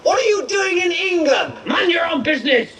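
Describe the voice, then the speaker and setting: A scornful French castle guard yells insults from far off in a put-on exaggerated French accent. His voice sits very high and swoops wildly. It is a film clip with a loud crowd behind it. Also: expressive, moderate pace. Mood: taunting. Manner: shouting taunts from afar.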